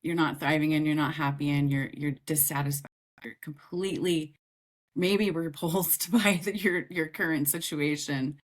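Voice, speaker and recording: A woman's voice: low-pitched, moderate pace. A woman guest on a podcast, an author and grief coach, telling her story candidly and with feeling, often laughing as she talks. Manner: emotional, animated, laughs while talking.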